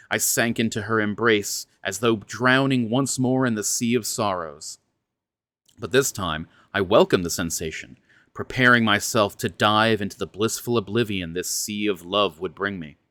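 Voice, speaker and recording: A man's voice: fairly low pitch, sharp tone, clean tone, dry recording. A man reading a fantasy horror novel aloud, breaking off now and then for chatty, stumbling asides. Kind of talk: dramatic book reading with casual asides.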